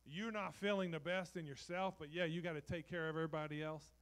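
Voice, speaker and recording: A man preaching in a church sanctuary, his somewhat raised voice climbing into loud, dramatic bursts. He then drops to a soft, intimate tone as he speaks straight to the congregation. It is a lively, heartfelt sermon delivery. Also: a little high, quick pace, clean tone. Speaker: pastor.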